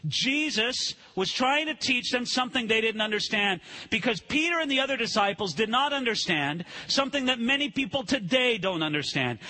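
A man preaching a sermon to a congregation, animated and acting out the people in the story. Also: high voice, breathy edge. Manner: animated, acts out quoted voices. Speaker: pastor.

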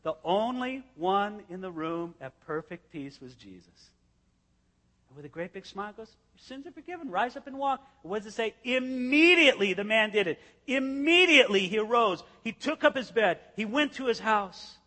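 Male pastor, high bright voice, lively storyteller, long hall reverb. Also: normal speed. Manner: animated storytelling, acting out scenes. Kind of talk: expository sermon.

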